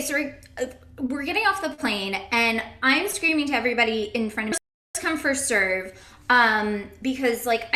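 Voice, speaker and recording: A woman's voice: a little high, pushed and bright, reverberant. A woman improvising a rambling comedy monologue, full of "um" and "like". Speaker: improv performer.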